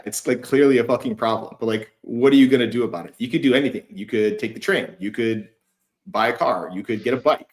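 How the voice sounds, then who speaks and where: Male host, lowish voice, loose and profane, casual chat. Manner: loose, profane, lots of fillers. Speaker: host giving feedback. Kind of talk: casual conversation.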